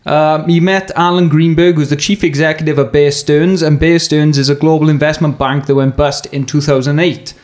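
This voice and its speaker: A man's voice: fairly high pitch, fairly even intonation, moderate pace, few pauses. Crude, jokey male podcast host. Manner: crude, jokey storytelling with many fillers. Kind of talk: casual podcast chat.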